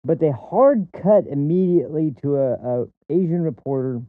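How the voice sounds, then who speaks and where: A man's voice: a little high, lively intonation, moderate pace, dry recording, phone-quality sound. A man streaming commentary on a debate clip, mocking and profane. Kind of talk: casual commentary rant.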